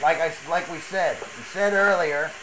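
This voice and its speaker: A man's voice: fairly high pitch, normal speed, bright, forceful tone, a little hiss or hum, poor audio. Columbo, as a man puts him on while cooking. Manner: rambling, muttering asides to himself. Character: rumpled Italian male TV detective, mild and rambling. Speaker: streamer cooking chili in character. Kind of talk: live cooking stream, in character.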